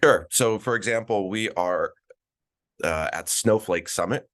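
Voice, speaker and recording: A man in his forties, a guest on an interview podcast, telling stories in a relaxed, casual way with plenty of fillers and restarts, calling in from a conference. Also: fairly low pitch, measured pace. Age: 40s. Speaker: guest, events director. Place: at a conference, remote call.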